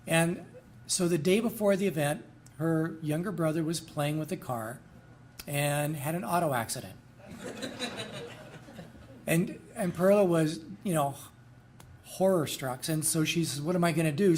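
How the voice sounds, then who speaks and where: A man's voice: fairly high pitch, unhurried, a little mellow, slight background noise. A middle-aged man, a school administrator, giving a folksy, rambling ceremony introduction with self-deprecating asides.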